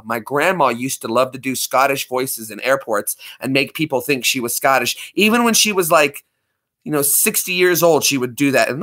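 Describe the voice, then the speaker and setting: Bright-voiced man chatting on a livestream. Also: mid-range voice. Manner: rambling, joking, reads chat aloud. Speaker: livestream host. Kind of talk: casual livestream chat.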